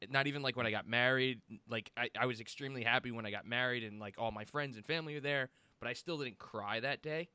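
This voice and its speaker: A man's voice: mid-range voice, quick pace, few pauses, pushed and bright, clean tone, no room sound. A man hosting a casual podcast, chatty and reflective, with many fillers. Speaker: podcast host.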